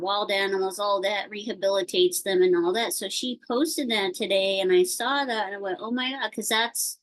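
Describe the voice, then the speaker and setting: Slow, halting woman on a video call. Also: mid-range voice, a bit bright, poor audio. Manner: rambling, halting, with many fillers. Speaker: participant sharing a concern. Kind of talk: casual chat on a video call.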